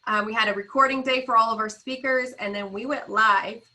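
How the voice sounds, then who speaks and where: A woman's voice: fairly high pitch, fairly even intonation, a little fast, sharp tone, rough recording. A woman guest on a video-call interview, telling her story with enthusiasm. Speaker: guest, podcast founder.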